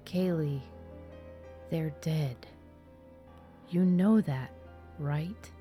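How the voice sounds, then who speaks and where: A tired, firm older brother, speaking low and slow, sometimes half whispering, as a woman reads his lines. Soft music sits behind the storybook reading. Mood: weary stern.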